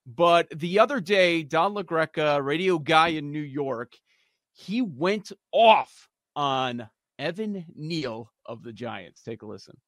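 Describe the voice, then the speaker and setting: A man hosting a sports betting podcast, introducing the crew and chatting in an animated way. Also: on the high side, slow, no echo, clean studio sound. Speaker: podcast host. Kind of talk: sports betting talk show.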